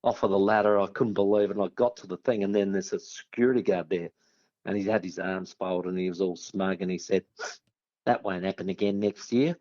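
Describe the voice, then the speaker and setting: An Australian man, a former sportsman as guest, telling a story in a lively, laughing way. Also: deep voice, quick pace, highs cut off. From South Australia. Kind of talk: casual anecdote telling.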